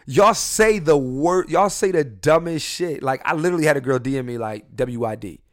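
A young man hosting a solo podcast from his room at home, drunk and high, talking loosely and jokingly, with mumbled asides that break into loud emphatic bursts. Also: normal speed. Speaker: podcast host. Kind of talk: casual solo podcast rant.

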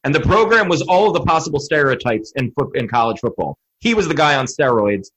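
A man guest on a podcast, chatting casually and ranting in an animated, profane way. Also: mid-range voice, a little fast, husky, muffled recording. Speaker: podcast guest, comedy writer. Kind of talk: casual chat.

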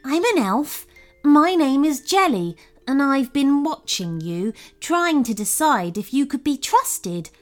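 Jelly, a woman doing a bright eager Christmas elf. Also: high-pitched, sing-song, slow, soft background music, voice pushed up, exaggerated voice. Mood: pleading. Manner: eager, pleading, a little mysterious. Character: cheerful helpful male Christmas elf. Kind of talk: storybook reading.

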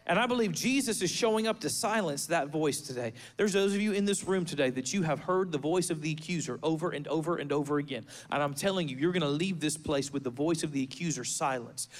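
A male pastor delivering a fervent sermon in a church, building to rousing shouts and leading the congregation in prayer. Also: fairly high pitch, fast talker.

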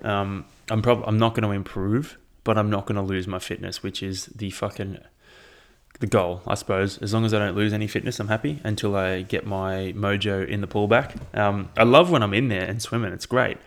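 Gravelly, casual young man. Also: on the low side, normal speed. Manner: relaxed, rambling, swears often. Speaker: triathlete sharing training update. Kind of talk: casual chat. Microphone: own microphone.

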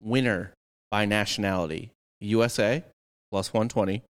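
A man's voice: on the low side, moderate pace, clean tone, long reverb tail. A man chatting casually as a podcast co-host, joking and swearing, a bit drunk. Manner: joking, profane, mimics voices in bits. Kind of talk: casual chat.

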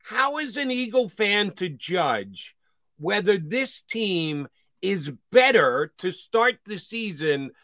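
Bright-voiced man hosting sports talk. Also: high voice, sing-song, slow, dry recording. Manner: questioning, builds long argumentative points.

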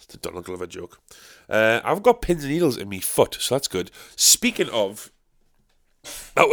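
A man's voice: medium pitch, fairly bright tone. A man hosting a solo podcast, rambling casually, swearing and making fun of himself. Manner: rambling, profane, self-mocking. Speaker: podcast host. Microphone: podcast microphone.

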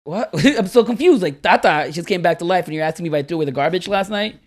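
A man telling a long, rambling story to friends on a podcast, animated and laughing as he goes. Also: high-pitched, fast. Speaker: podcast co-host. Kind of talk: casual storytelling among friends.

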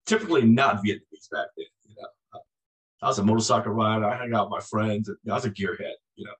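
A man in his sixties, a former Marine guest, telling stories in a lively, conversational way and acting out the voices in his anecdotes. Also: fairly low pitch, fast talker, rough recording. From United States. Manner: animated storyteller, acts out voices in anecdotes. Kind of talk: conversational storytelling.

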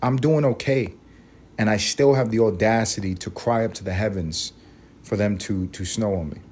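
A man's voice: lowish voice, normal speed, a little mellow, slightly rough. Profane, rambling man hosting a podcast. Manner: crude, profane, joking rants. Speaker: podcast host. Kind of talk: rambling solo podcast monologue. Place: at home.

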